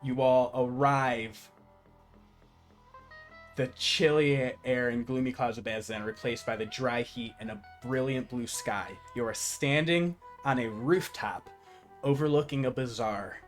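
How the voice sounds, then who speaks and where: Uomo rilassato che fa da master, con musica di sottofondo. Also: male voice, medium pitch, a little slow, soft background music. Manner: relaxed, swears casually. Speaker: game master. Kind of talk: narrating a tabletop game.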